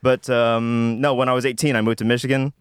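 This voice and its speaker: A man in his thirties telling stories as a podcast guest, relaxed and laughing often. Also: medium pitch, a little fast, clear, resonant tone, no echo, clean studio sound. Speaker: podcast guest, stand-up comedian. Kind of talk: casual storytelling chat.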